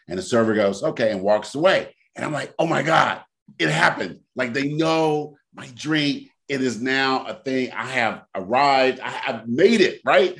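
A man co-hosting a casual podcast, telling stories in an animated way and breaking into loud laughter. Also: medium pitch. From Sacramento area. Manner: animated storyteller, bursts into shouting laughter. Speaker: podcast co-host. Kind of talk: casual storytelling chat.

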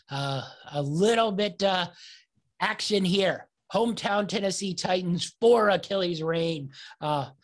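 A man co-hosting a casual sports betting chat, loose and upbeat, with lots of filler words. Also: on the high side. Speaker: podcast co-host.

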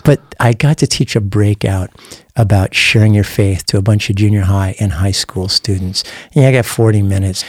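A man's voice: lowish voice, normal speed, dry recording, studio quality. A man hosting a conversational faith podcast, asking a guest questions in an encouraging way. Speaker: podcast host. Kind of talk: casual faith talk interview.

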